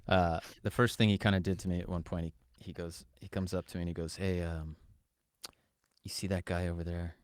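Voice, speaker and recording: A man co-hosting a podcast tells a story in a casual, animated way and acts out what each person said. His voice sits low, and the close mic is dry, with no room sound. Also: a little fast, smooth, no echo. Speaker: podcast co-host.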